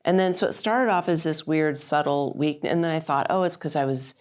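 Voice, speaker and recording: Woman in her 50s, low voice, animated storyteller on a live show, lots of likes and restarts. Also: brisk. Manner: frequent fillers and restarts. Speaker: guest. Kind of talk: casual live interview. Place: live stage event.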